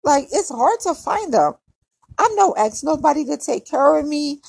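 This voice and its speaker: A woman's voice: sits high, sing-song, moderate pace, gravelly, a little mellow, dry recording. A young woman venting bluntly in an emotional personal monologue, repeating herself as she talks. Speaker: podcaster.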